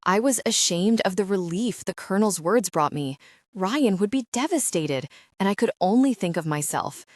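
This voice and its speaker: A woman's voice: medium pitch, animated, normal speed, a little mellow, no echo. A woman narrating a romance audiobook in the first person, telling the story steadily into a close mic.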